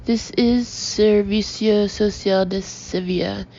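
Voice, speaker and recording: A woman's voice: medium pitch, steady tone, takes it slowly, dark tone, slight background noise. A woman voicing a polite, apologetic female agency receptionist, on a dull lo-fi recording.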